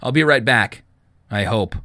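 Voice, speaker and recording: A man's voice: mid-range voice, unhurried, sharp tone, no echo, clean studio sound. A man voicing Trent, an anxious, earnest teenage boy who pleads and worries. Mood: worried.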